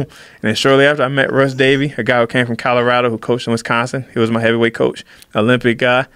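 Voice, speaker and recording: Guy telling his story real fast, acting out what people said, dry close mic. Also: medium pitch, no echo. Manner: fast, animated storytelling, acts out quotes of others. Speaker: podcast guest, fighter. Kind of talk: casual storytelling.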